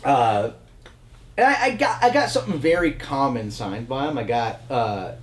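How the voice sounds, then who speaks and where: A man co-hosting a podcast in casual chat, telling animated stories and acting out quotes. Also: normal speed. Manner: animated storyteller, acts out quotes in high voices. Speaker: podcast co-host.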